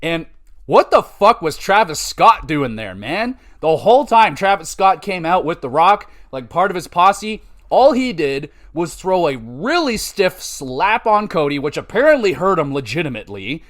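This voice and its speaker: A man hosting a podcast in casual chat, telling an excitable, profane story in an animated way. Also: on the high side, normal speed. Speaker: podcast host.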